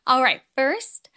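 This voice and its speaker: A woman hosting a children's show, talking to young kids in a playful, giggly, gently encouraging way. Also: high-pitched.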